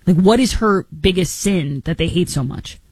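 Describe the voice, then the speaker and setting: A woman's voice: fairly low pitch, lively intonation, moderate pace, darkish tone, husky, no room sound, poor audio. A woman hosting a political talk show, giving opinionated commentary with incredulous rhetorical questions.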